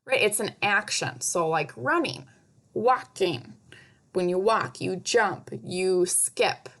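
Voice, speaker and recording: Slow, patient woman teaching spelling. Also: medium pitch, a bit bright. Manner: slow, patient, over-enunciated word drills. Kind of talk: recorded spelling lesson for children.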